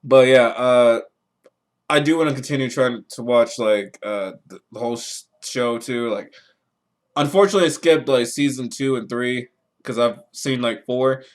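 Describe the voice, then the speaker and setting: Young guy ranting on his podcast, swears constantly, voice shoots up when he gets hyped, mid-pitched. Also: normal speed. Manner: rambling, profane, excitable, pitch jumps when worked up. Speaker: podcast host. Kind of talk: casual solo chat about anime.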